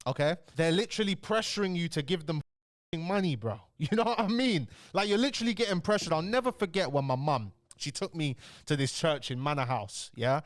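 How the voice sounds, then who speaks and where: A young man with a London accent talks straight into a close, dry mic, his voice sitting a little high. He comments casually and bluntly, heated and full of slang. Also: a little fast, no echo. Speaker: commentary channel host.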